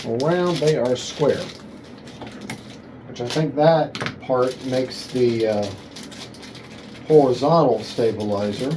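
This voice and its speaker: Slow-talking man unboxing a model plane. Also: medium pitch, a little mellow, a little hiss or hum, poor audio. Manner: thinking aloud, self-correcting, enthusiastic. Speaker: RC hobby video host. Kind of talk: casual unboxing commentary.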